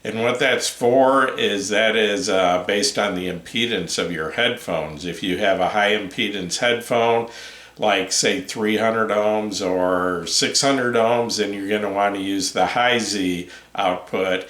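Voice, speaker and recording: A man hosting his own headphone review channel, talking through a new amp in an unhurried, hesitant way with many ums and uhs. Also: fairly low pitch, fairly bright tone, roomy sound. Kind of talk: casual product review talk.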